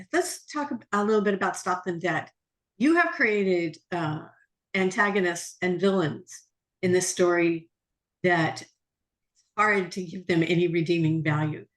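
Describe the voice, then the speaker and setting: A woman's voice: mid-range voice, a bit bright. A woman hosting a bookshop author interview, conversational with frequent hesitations.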